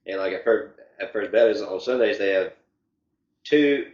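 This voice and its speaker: Young man, low voice, rambling filler-heavy answers; roomy, slightly muffled recording. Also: moderate pace, a little mellow. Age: young adult. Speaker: interview guest. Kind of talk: casual interview.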